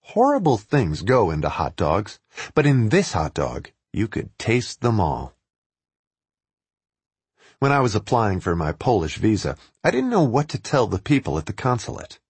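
Man, wry storytelling read, husky voice, animated pitch, close and dry. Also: moderate pace, dry recording. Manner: wry, sardonic. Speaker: writer reading his own travel piece. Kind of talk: first-person narration read aloud.

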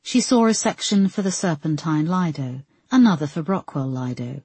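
A woman narrating an audiobook in a measured, even storytelling manner. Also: low-pitched, husky, no room sound. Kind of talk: scripted narration.

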